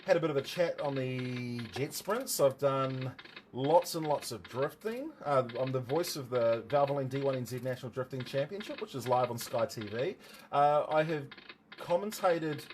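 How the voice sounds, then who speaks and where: A man's voice: mid-range voice, normal speed, darkish tone, slight background noise. A man with a New Zealand accent hosting a casual livestream, rambling and joking with his viewers. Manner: rambling, chatty, jokey asides to viewers. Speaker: livestream host and motorsport commentator.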